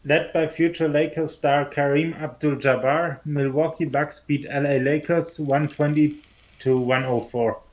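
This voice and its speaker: A man's voice: on the high side, steady tone, measured pace, low-quality recording. A man co-hosting a casual podcast, reading history facts and making dry, offhand remarks. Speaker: podcast co-host.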